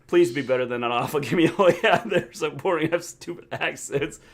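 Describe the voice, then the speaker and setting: A man's voice: a little high, brisk. Joking middle-aged man co-hosting a livestream. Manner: dry, joking, teasing. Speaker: co-host. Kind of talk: casual livestream chat.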